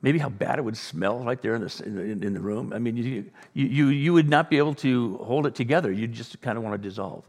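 A man preaching a sermon as pastor, animated, playing out the voices of the people he talks about. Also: mid-range voice, fairly quick, hardly any pauses. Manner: animated, acts out voices of others. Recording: long reverb in a large room.

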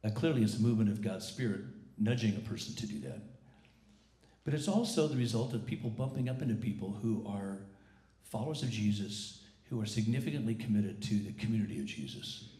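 A male pastor preaching a sermon conversationally, his voice roughened from a recent illness, with frequent restarts and repeated words. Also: on the low side, animated, brisk, warm tone. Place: church service. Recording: echoey church sanctuary.

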